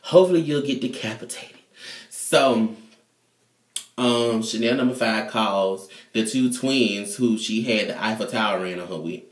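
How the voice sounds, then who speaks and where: A man casually recapping a TV episode in an animated, slangy, profane way. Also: fairly low pitch, a little slow. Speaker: TV show reviewer. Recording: echoey room.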